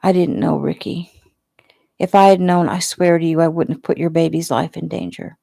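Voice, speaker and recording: A woman voicing a grieving young woman who talks quietly and groggily, full of remorse, in her own low, gravelly voice. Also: steady tone, moderate pace, dry recording, studio quality, full character voice. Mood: remorseful.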